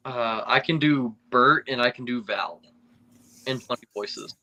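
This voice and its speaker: A man's voice: mid-range voice, measured pace, sharp tone, low-quality recording. A man co-hosting a podcast, joking and a little hesitant as he picks his parts. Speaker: podcast co-host. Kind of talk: casual banter.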